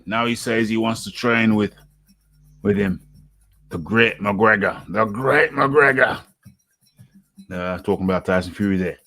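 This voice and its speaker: A British man hosting a casual boxing chat, animated and laughing often, repeating his words as he goes. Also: fairly low pitch, dry recording. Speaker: host.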